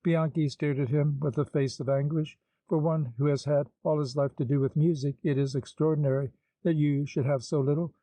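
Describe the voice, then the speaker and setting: Mellow-voiced male audiobook narrator. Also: on the high side, steady tone, no room sound, rough recording. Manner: measured storytelling. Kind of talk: scripted narration.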